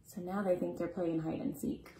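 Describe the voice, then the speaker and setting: A woman in her thirties, a preschool teacher reading a picture book aloud to young children in a warm storytime voice. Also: fairly low pitch, little pitch movement, normal speed, vocal fry, a little hiss or hum, low-quality recording. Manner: warm sing-song storytime voice, barking the dog parts.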